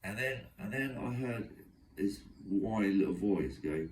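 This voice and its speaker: A man's voice: lowish voice, expressive, measured pace, distant mic, slight background noise. A young man talking to camera in a long, agitated, aggrieved monologue that runs on from one complaint to the next. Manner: aggrieved, agitated, run-on storytelling. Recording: echoey room, voice away from mic.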